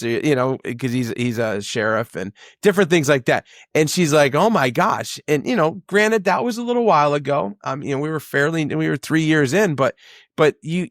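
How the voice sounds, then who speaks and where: A man's voice: on the high side, dry recording, studio quality. A man who owns a home service business, chatting casually and telling long stories full of fillers and acted-out quotes. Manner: rambling storyteller, many fillers, acts out quotes. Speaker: business owner, podcast guest. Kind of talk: casual conversation.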